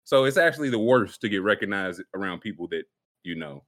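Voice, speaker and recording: A man chatting on a podcast with a lively, bouncing delivery. He jokes around constantly and slips into silly voices while telling stories. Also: lowish voice, brisk. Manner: animated joking, puts on silly voices. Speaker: podcast host. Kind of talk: casual chat.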